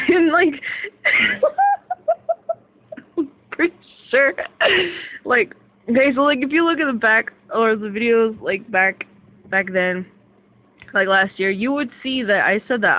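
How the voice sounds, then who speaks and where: A young woman ranting casually to camera as a vlogger, rambling with lots of fillers and swearing excitedly. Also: medium pitch. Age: young adult. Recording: tinny phone-like sound.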